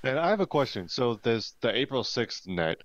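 A man's voice: mid-range voice, big pitch swings, moderate pace, no echo. A man co-hosting a casual livestream chat, explaining things and openly speculating. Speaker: co-host, news director. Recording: dull lo-fi mic.

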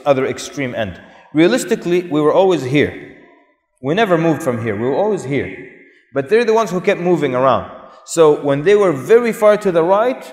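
A man giving a conversational religious lecture to an audience, asking them questions and mixing Arabic words into his English. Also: fairly high pitch. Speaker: Islamic speaker. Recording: echoey hall.

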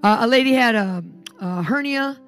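A woman's voice: fairly high pitch, moderate pace, faint music behind. A woman preacher telling healing stories and praying at a live church meeting, emphatic and commanding. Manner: animated, emphatic storyteller, commanding in prayer. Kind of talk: sermon with storytelling and healing prayer.

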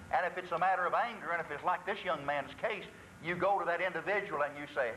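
Guy preaching in a church, high ringing voice, asks the crowd questions, bit of hiss behind. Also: lively intonation, fairly quick, hardly any pauses, sharp tone, low-quality recording. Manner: preaching with rhetorical questions and acted-out confessions. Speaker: pastor. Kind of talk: sermon.

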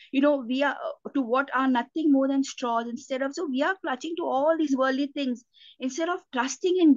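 A woman's voice: high voice, no room sound. An Indian woman preaching a sermon, earnest, often restarting her sentences with fillers. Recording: dull lo-fi, dry sound.

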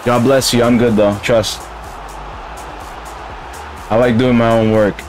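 A man's voice: mid-range voice, level tone, slow pace, darkish tone, faint music behind. Grumbling slangy male streamer. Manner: slangy, grumbling, calls listeners bro. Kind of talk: casual live-stream chatter.

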